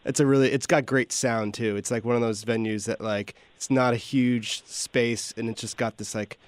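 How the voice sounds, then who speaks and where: A man's voice: mid-range voice, fairly even intonation, moderate pace, smooth, dry recording. A man co-hosting a podcast, chatting in an easygoing way and often trailing off. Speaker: podcast co-host. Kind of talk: casual interview chat.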